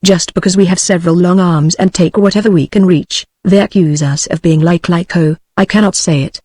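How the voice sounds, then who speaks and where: A woman's voice: on the low side, steady tone, brisk, dark tone, no echo, clean studio sound, close to an everyday voice. A British woman reading the lines of a touchy, pompous male octopus in a synthetic storybook voice. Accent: British English. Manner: airy, then mournful.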